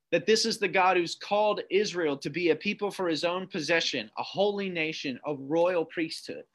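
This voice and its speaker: Fairly high-voiced preacher reading scripture. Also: male voice, fairly bright tone. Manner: reads scripture aloud, slows down for emphasis, asks the listener questions. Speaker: pastor. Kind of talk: sermon to online viewers.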